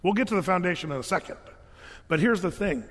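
A man's voice: high-pitched, animated, fast, fairly bright tone. A man preaching a sermon as pastor, reading scripture aloud and then explaining it in a conversational, folksy way, with frequent fillers and restarts. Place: church. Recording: long hall reverb.

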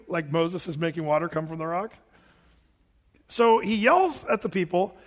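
Male pastor, high voice, sermon in a church with long reverb, dramatic retelling. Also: animated, moderate pace. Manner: rhetorical questions and dramatized retellings.

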